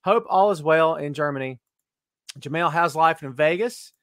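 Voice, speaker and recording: A man's voice: fairly high pitch, moderate pace, dry recording, clean studio sound. A middle-aged man hosting a live-streamed wrestling podcast, joking and teasing as he greets viewers by name. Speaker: podcast host. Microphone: webcam live stream.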